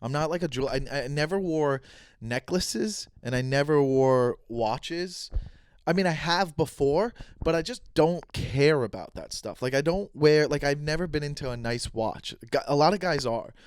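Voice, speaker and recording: A man's voice: fairly high pitch, lively intonation, normal speed, smooth, dry recording, clean studio sound. A young man hosting his own podcast in a loose, chatty, slangy way, talking straight to his listeners. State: out of breath after dancing. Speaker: podcast host. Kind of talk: casual solo podcast talk.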